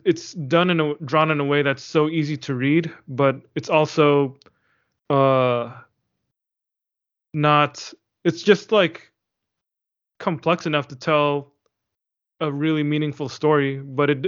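A man's voice: fairly high pitch, fairly bright tone. A man in a casual book discussion, talking in a hesitant way and searching for his words. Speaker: discussion participant. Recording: dull lo-fi sound.

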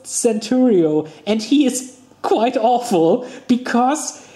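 A co-host rambles casually about films, often pausing with fillers to hunt for names. The voice is soft and mellow. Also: mid-range voice, lively intonation, echoey room. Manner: hesitant, searches for names, many fillers. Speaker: podcast co-host.

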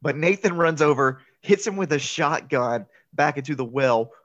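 A man's voice: a little high, expressive, normal speed, a bit bright, muffled recording. A man hosting a casual chat, laughing often and filling gaps with "um" and "like" as he retells a film. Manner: chatty, laughs often, filler-heavy. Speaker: podcast host. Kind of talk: casual movie recap chat.

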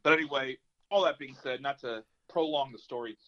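Animated, swearing young male podcaster. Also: medium pitch, a little fast. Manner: animated storyteller, swears freely, acts out quotes. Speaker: podcast co-host. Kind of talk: casual chat. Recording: slightly dull lo-fi sound.

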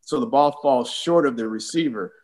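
A man in his sixties from California, a former football player telling lively game stories as an interview guest. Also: medium pitch, normal speed, rough recording. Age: 60s. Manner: animated, acts out the voices in his stories. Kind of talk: casual storytelling interview.

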